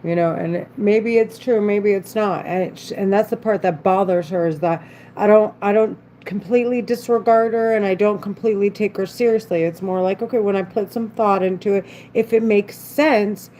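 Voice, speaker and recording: A woman's voice: medium pitch, normal speed, dark tone, slight background noise, rough recording. A woman talking alone in an unscripted monologue, agitated and rambling, with frequent swearing and broken-off sentences. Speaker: vlogger.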